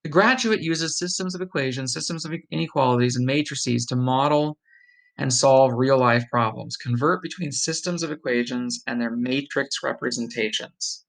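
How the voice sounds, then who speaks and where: A man's voice: mid-range voice, moderate pace, vocal fry, a bit bright, poor audio. A man thinks aloud, reading course notes and practising a pronunciation in a casual study session. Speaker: online study blogger.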